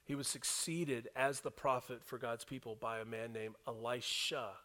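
A man preaching a sermon as a pastor, dropping to soft low asides and rising to loud, emphatic reading of scripture. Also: fairly even intonation, normal speed.

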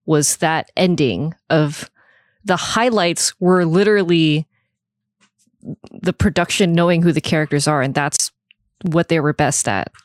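A woman's voice: sits low, a little slow, no room sound. Blunt woman on a podcast chat. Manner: blunt, swears, laughs often. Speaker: podcast co-host. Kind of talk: casual chat. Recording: dry close mic, webcam call.

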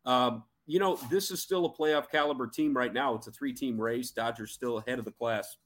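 Opinionated mid-pitched sports podcast man. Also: brisk, a bit bright. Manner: opinionated, emphatic. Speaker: podcast co-host. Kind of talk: casual sports chat.

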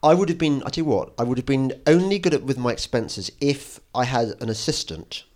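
A man's voice: mid-range voice, lively intonation, a little fast, a little mellow. A man hosting a podcast, chatting casually and rambling, stammering and repeating words as he goes. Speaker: podcast host. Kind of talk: casual chat.

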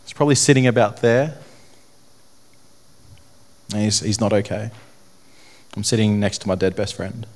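A young man telling his personal story to an audience, in an earnest, halting way that repeats phrases. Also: lowish voice, a little mellow. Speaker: speaker telling his testimony. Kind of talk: personal testimony talk to an audience.

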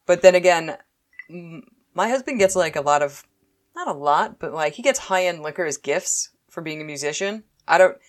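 A woman with a notably deep, low voice chats loosely at a moderate pace, telling lively stories about everyday things. She often breaks into laughter during this casual conversation.

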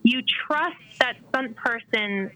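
A woman's voice: on the high side, slow pace, pushed and bright, poor audio. A woman guest chatting casually in an interview, telling candid stories about acting and stunt work. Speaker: actress and stunt performer guest.

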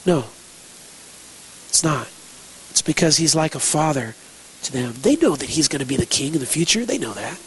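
A man's voice: on the high side, expressive, moderate pace, long pauses, a little hiss or hum, rough recording. A man preaching a sermon, emphatic, asking rhetorical questions and repeating key phrases. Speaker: pastor.

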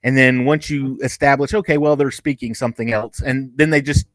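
Casual review co-host, man, middle-pitched, rambly and chatty, dry close sound. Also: fairly even intonation, a little fast, fairly bright tone, dry recording. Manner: rambling, chatty, with frequent restarts and asides. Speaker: podcast co-host reviewing TV episodes.

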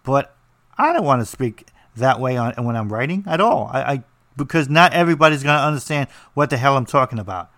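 Man, New Jersey accent, rambling, blunt, joking, medium pitch, dry close sound. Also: lively intonation, brisk, a bit bright, no room sound. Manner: rambling, blunt, jokey, with many fillers. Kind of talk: casual monologue.

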